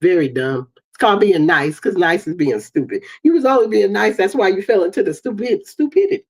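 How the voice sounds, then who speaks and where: A woman in her fifties with an African American English accent, hosting a livestream and telling stories in an animated way, acting out the dialogue. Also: medium pitch, fairly quick, breathy edge. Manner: animated storytelling, acts out dialogue. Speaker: livestream host. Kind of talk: casual livestream monologue. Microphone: streaming setup mic.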